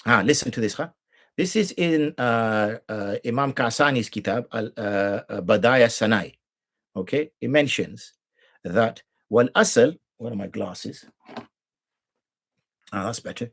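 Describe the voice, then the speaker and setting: British mufti teaching prayer rules, husky mid-pitch voice, acts out what people say. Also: male voice, a little slow, fairly bright tone. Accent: British English. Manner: demonstrative, rhetorical questions, mock dialogue. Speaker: mufti teaching Islamic law. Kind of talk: informal teaching talk.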